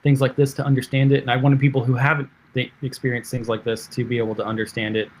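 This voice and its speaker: A man's voice: mid-range voice, flat delivery, a little hiss or hum. Guy director rambling through set stories, lots of uh and um, medium voice. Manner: halting, filler-heavy anecdotal storytelling. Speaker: film director, podcast guest. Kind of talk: casual interview chat.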